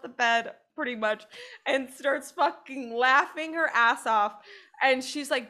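Animated woman telling a rambling story. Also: high-pitched, a little slow, pauses often. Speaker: podcast co-host. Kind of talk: casual storytelling chat.

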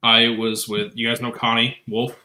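Bright-voiced man telling stories, echoey room. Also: mid-range voice, moderate pace. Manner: lively storyteller, swears casually. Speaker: podcast co-host. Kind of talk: casual live chat.

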